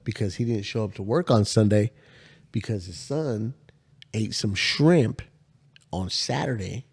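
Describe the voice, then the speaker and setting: A man co-hosting a podcast, telling work stories in a loose, profane, animated way. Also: lowish voice, unhurried, gravelly, husky. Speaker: podcast co-host. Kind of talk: casual storytelling chat.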